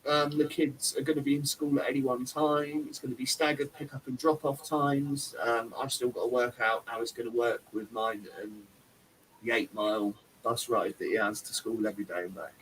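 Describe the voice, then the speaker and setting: A man's voice: medium pitch, fairly even intonation, moderate pace, fairly bright tone, poor audio. A man co-hosting a live stream, bantering casually and chatting about everyday family matters. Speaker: livestream co-host.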